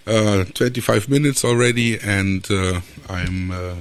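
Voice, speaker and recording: German-accented male podcast host, native German speaker, low gravelly voice, hesitant delivery. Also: unhurried, slight background noise. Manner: hesitant, many filler sounds. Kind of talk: solo podcast monologue.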